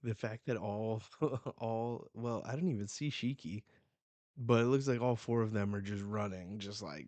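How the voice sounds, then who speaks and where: A man hosting a casual live reaction to a comic chapter. He sounds excitable and slangy, and often breaks off mid-phrase. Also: fairly low pitch, moderate pace, dry recording. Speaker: manga reaction host.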